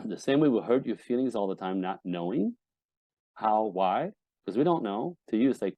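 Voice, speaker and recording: A man's voice: fairly low pitch, animated, normal speed, mellow, dry recording. A man on a podcast as a relationship coach guest, speaking bluntly and emphatically, swearing often and acting out quoted partners. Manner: acts out quoted voices of wives and husbands. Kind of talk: candid podcast interview.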